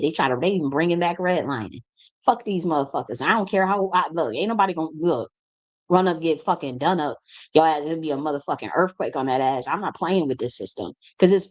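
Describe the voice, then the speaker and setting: Blunt, profane woman preaching with fire. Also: low voice. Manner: emphatic, repeats phrases for stress. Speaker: spiritual teacher. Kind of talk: impassioned monologue.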